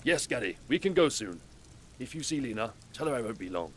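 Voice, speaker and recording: A man's voice: mid-range voice, big pitch swings, brisk, fairly bright tone, a little hiss or hum. An actor playing a patient, stuffy-sounding male cryptozoologist in a video game. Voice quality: stuffy, polite. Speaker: game character.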